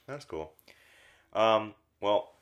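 A man's voice: on the low side, lively intonation, very slow, muffled recording. A man co-hosting a film review podcast, talking casually and rambling with many fillers, sometimes acting out lines from scenes. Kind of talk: casual conversational film discussion.

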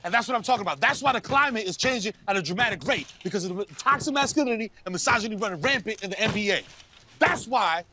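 A man's voice: a little hiss or hum, lightly acted. A man doing a smug conspiracy-theorist ballplayer. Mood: ranting. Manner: mock-lofty, deliberately lowering his voice to sound smart. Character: smug, conspiracy-minded male pro basketball star. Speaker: comedy show host. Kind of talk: comedy sketch impression.

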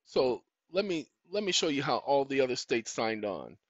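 A man's voice: medium pitch, very animated, normal speed, no echo. A man hosting his own online show, chatting casually as he searches on a computer, scolding it aloud and spelling out words letter by letter. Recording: dull lo-fi dry recording.

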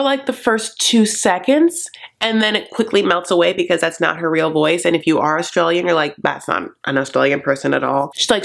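A man's voice: sits high, vocal fry, fairly bright tone. A man hosting a comedic TV recap, campy and gossipy with sassy asides.

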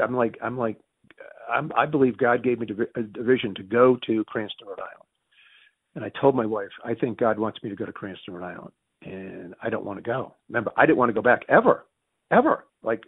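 An American interview guest with a gravelly, husky, mid-range voice tells animated stories in conversation, rattling off rapid anecdotes full of self-corrections and quoted dialogue. The sound is dry with no echo, heard over a phone-like line.

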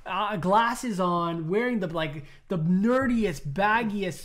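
A man co-hosting a podcast, telling a story in casual chat, animated, acting out the voices of people he quotes and laughing often. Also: sits high, takes it slowly, a loud crowd. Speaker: podcast co-host.

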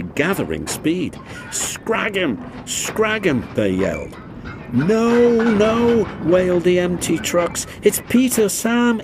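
Husky, slow male storybook narrator. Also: on the low side, dry recording, clean studio sound. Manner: lively, expressive storytelling.

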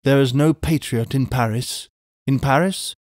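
A man playing a calm, self-assured older doctor who speaks with cool confidence in a storybook reading. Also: mid-range voice, unhurried, no echo, clean studio sound, close to an everyday voice. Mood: calm confident.

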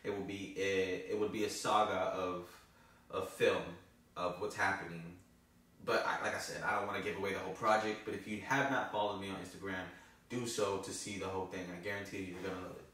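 A man's voice: low-pitched, steady tone, a little fast, bright, forceful tone. A man telling a story in a loose, profane, casual vlog style. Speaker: vlogger. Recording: echoey, from far off the mic.

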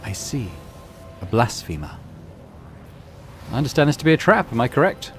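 A man's voice: medium pitch, sing-song, normal speed, over music. A man voicing a zealous, commanding starship captain in a video game, speaking firmly. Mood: stern.

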